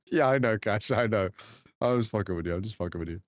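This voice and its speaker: A man's voice: lowish voice, quick pace, no room sound, studio quality. A man in casual, teasing chat with his live viewers as a game streamer, swearing freely.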